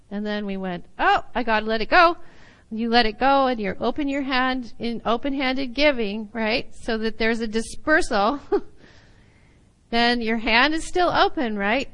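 A woman teaching a Bible lesson to a group, her voice sitting a little high. She is animated and laughs often, sometimes slipping into playful little voices to act out a point. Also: poor audio. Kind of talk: sermon teaching.

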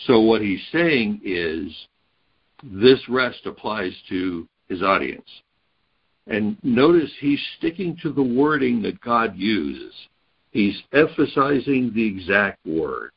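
A man's voice: on the low side, lively intonation, takes it slowly, muffled recording, a little hiss or hum. A man teaching a Bible study, reading verses aloud and explaining them point by point. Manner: reads scripture aloud, then explains it step by step.

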